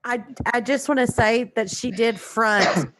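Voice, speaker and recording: A woman joining an online pub quiz, talking casually in an everyday voice. She chats easily and is quick to explain herself. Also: fairly high pitch, fairly bright tone, no room sound. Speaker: quiz contestant. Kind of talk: casual chat on a video call.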